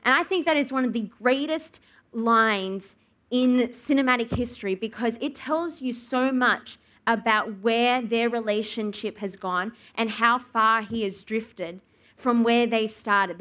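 Young aussie woman preaching, bit high voice, animated storytelling, does her own reactions. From Australia. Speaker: speaker at church. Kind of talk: sermon with personal story.

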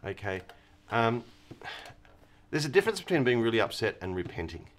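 A man's voice: mid-range voice, big pitch swings, fairly quick. Chuckling man teaching the Bible. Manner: chuckles often, acts out quoted voices. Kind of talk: casual Bible teaching chat.

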